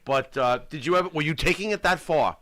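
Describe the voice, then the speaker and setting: A man co-hosting a wrestling podcast, excitable and joking, jumping in with quick remarks. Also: on the high side, no room sound. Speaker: podcast co-host. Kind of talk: casual chat.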